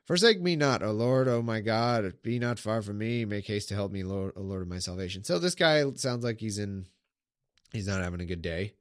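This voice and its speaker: A man's voice: lowish voice, lively intonation, normal speed, no room sound, clean studio sound. A man reads old scripture aloud in a casual way and breaks off into irreverent, sarcastic remarks. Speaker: Bible reader. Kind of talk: casual reading aloud with commentary.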